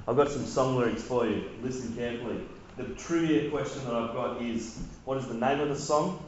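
A man's voice: mid-range voice, highs cut off. Man, youth pastor, chatty jokey sermon, very roomy hall with faint noise. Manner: conversational, joking with the audience. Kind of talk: sermon to teenagers.

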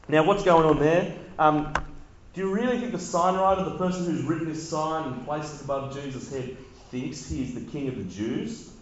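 A man's voice: on the high side, normal speed, slight background noise. A man preaching a sermon, retelling the scene with dramatic repetition and emphasis. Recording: very echoey, dull lo-fi sound.

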